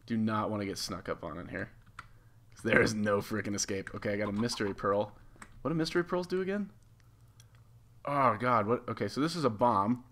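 A man giving casual, excitable commentary over a video game as a YouTube gamer, laughing often and swearing lightly. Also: lowish voice, fairly quick, long pauses. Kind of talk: live gameplay commentary.

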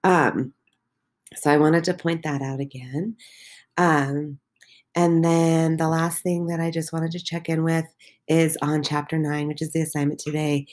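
A woman's voice: sits low, little pitch movement, unhurried, a little mellow. A woman teacher walking her middle school class through the day's posts, encouraging, with many filler ums. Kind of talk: recorded class walkthrough.

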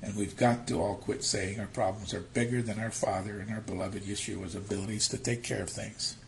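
Gravelly, animated male preacher. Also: on the low side, fairly quick, slight background noise. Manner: animated storytelling, acting out quotes; dips to near-whispers, then rises to loud emphasis. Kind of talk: sermon.

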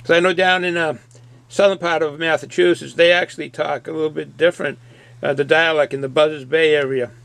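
A man's voice: on the high side, fairly even intonation, a little fast, vocal fry, a bit bright. A middle-aged man with a Boston accent chatting casually through a beer review, rambling and folksy and often repeating himself.

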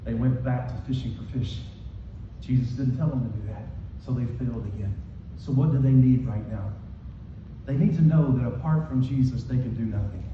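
A male pastor preaching a sermon with emphatic repetition, moving from raised, shouted lines to soft ones. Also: medium pitch, normal speed, a little hiss or hum. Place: church hall. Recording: echoey hall from far off, dull.

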